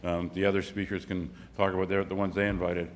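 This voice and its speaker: A man's voice: sits low, level tone, fast. A man organizing an investor conference, giving a casual talk with lots of restarts and rambling phrasing. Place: conference hall. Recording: echoey hall reverb.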